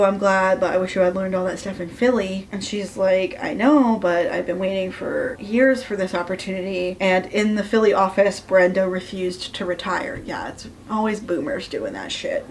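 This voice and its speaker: A young woman giving a casual ranting book review, sarcastic and profane, exasperated, quickly mimicking characters in asides. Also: mid-range voice, slight background noise.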